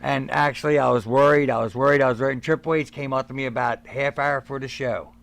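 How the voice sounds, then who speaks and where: A man's voice: mid-range voice, fast, vocal fry. A middle-aged man and former pro wrestler telling a backstage story in casual chat, acting out the voices of the people in it. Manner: animated storyteller who acts out the voices of others.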